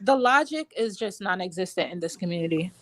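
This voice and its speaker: A woman's voice: on the low side, lively intonation, brisk. A woman on a livestream panel, ranting angrily with heavy swearing in heated casual chat. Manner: angry, profane ranting.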